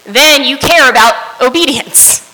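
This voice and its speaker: High bright woman preaching in a hall. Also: unhurried. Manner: earnest, asks the listener "right?" often. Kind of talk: sermon. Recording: long hall reverb.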